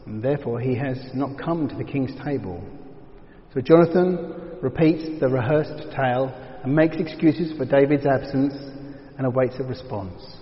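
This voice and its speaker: A man teaching verse by verse through a Bible passage, reflective and explanatory, often dropping to a hushed tone for emphasis. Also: medium pitch, moderate pace. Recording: dull reverberant hall sound.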